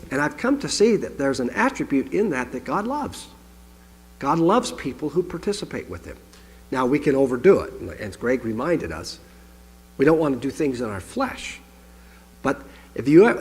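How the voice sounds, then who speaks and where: Man, sermon, animated pitch, conversational teaching, reverberant hall. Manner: conversational teaching, reading scripture aloud with asides. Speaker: pastor. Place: congregation hall.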